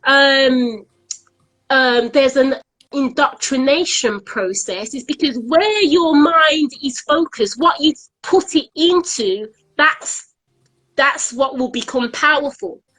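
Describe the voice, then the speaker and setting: A woman's voice: high voice, slow pace, a bit bright, poor audio. A woman, earnestly explaining her views in a casual online live chat and often repeating words as she searches for them. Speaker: event organiser, guest. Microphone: online live stream.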